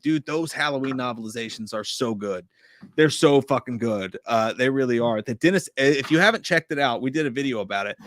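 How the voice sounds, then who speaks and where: A man co-hosting a casual movie livestream, reading out viewer comments and answering with animated, profane talk. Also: medium pitch, no room sound, clean studio sound. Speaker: podcast co-host.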